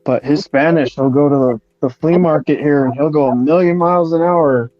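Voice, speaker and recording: A man chatting casually and calmly while he paints, explaining as he works. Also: a little high, a little fast, no echo, soft background music. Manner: relaxed, explains while working. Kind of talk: casual chat. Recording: dull lo-fi sound.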